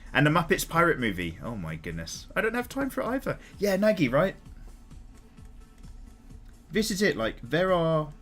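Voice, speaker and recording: A man in his thirties chats casually while streaming, with a lively voice that swings up and down in pitch. He talks in a loose, sweary, openly emotional way, and soft music plays behind him. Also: normal speed, long pauses. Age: 30s. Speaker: artist streaming live. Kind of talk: casual livestream chat.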